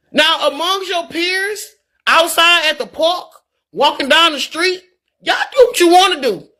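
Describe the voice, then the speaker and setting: Livestreamer woman, middle-aged, earnest and preachy, bright tense voice, stumbles over repeated words. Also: very high-pitched. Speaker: livestreamer reading viewer comments. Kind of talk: candid live-stream talk.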